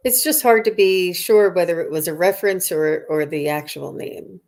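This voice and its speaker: A woman's voice: fairly low pitch, moderate pace, a little mellow. Chatty woman greeting live-stream viewers. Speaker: psychic medium host. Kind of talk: live-stream question session.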